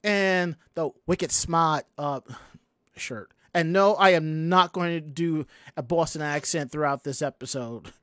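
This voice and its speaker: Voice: medium pitch, unhurried, fairly bright tone, no room sound, studio quality. A podcast host chatting casually in a rambling way, with lots of restarts and asides. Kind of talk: casual chat.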